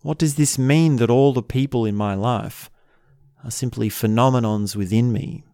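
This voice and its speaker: Guy with a low gravelly voice talking slow and thoughtful, dry close sound. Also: no echo. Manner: calm, measured, thoughtful; musing with rhetorical questions. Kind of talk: reflective spoken talk.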